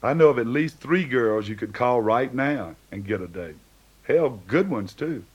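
A man's voice: medium pitch, lively intonation, unhurried, husky, highs cut off. Male narrator as a teasing small-town buddy, chuckling and coaxing. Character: friendly easygoing small-town man, teasing.

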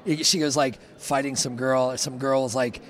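A man chatting casually, an animated storyteller who acts out what people said. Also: medium pitch, normal speed. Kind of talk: casual chat. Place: Burbank autograph show venue.

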